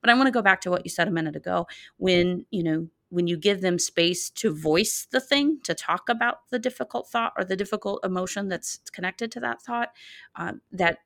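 A middle-aged woman speaks in an earnest, measured way, her voice set a little low. The sound is close and dry, with no room around it. She explains her advice carefully, pausing on fillers and restarting her phrases. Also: gravelly, a bit bright, no room sound. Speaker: child therapist guest. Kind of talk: podcast interview, advice.

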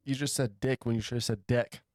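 Male co-host, mid-range voice, easygoing joker with quick apologetic asides. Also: medium pitch, fairly even intonation, a little mellow, a little hiss or hum. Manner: laughs easily, jokey, apologetic asides. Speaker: podcast co-host. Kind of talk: casual chat over beers.

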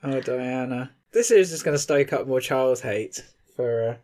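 A woman's voice: extremely low pitch, animated, moderate pace, dark tone. A young woman co-hosting a casual podcast, wry, with frequent laughs and short reactions. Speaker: podcast co-host. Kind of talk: casual chat.

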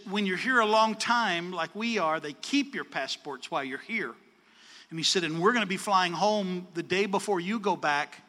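A man telling a story in a sermon, animated, acting out the dialogue with changes of voice. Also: sits high, in a large hall. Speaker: preacher.

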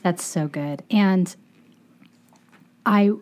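A woman hosts an interview and warmly affirms and encourages her guest. Her voice sits slightly low. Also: drawn-out words. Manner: supportive, affirming listener. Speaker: podcast host.

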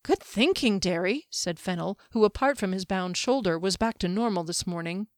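A woman author reading her own fantasy novel aloud in a steady, clear storytelling voice. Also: fairly low pitch, brisk, no echo, clean studio sound. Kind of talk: audiobook fantasy narration.

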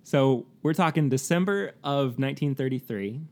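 A man's voice: mid-range voice, expressive, normal speed, a little mellow. Chatty man with a rambling delivery. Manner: rambling and self-correcting, laughs often. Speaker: co-host of a whiskey tasting show. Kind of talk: casual chat.

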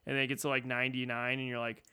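Bright, clear-voiced young man rambling. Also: medium pitch, completely flat delivery, very fast. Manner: rambling, leans on "like", acts out his own reactions. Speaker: podcast participant. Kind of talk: casual chat. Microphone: home mic on a remote podcast setup.

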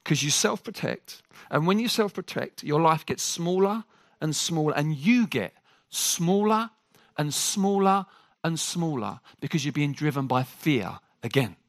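A man preaching a sermon to a congregation. He jokes with the room and talks in an animated way. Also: fairly high pitch, a little slow, no echo, studio quality.

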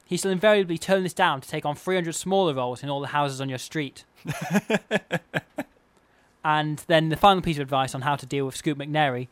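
A man co-hosting a comedy podcast, delivering absurd bits in a deadpan, mock-serious way. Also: on the high side, moderate pace, dry recording. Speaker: podcast co-host.

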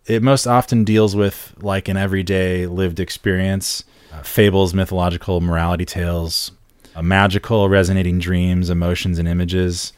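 Low-voiced man explaining on a podcast. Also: flat delivery, clear, resonant tone, no room sound, studio quality. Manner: explanatory, measured, with "um" and "like" fillers. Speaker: podcast co-host. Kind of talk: casual podcast discussion.

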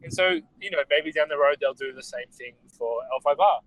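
A man's voice: a little high, brisk, a bit bright, rough recording. A man from Australia co-hosting a podcast, talking casually with frequent hesitations. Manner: hesitant, many ums and restarts. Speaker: podcast co-host.

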